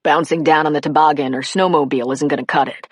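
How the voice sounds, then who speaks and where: A woman voicing a tender, devoted man in an audiobook, speaking low and softly, at times in a whisper. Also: steady tone, fast, husky, no room sound. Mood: urgent. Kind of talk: audiobook character voice.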